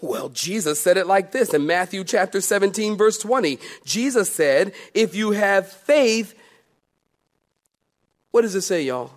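A man with a high, light voice preaches a sermon. He drops into hushed, confiding asides, then climbs back up into loud, emphatic calls, and keeps turning to the congregation for an answer. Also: expressive, unhurried. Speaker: pastor.

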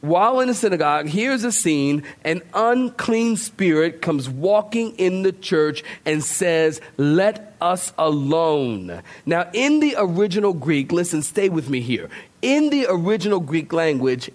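A man's voice: high-pitched, animated, unhurried. A male pastor preaching a sermon in a loose, conversational way, joking with the congregation.

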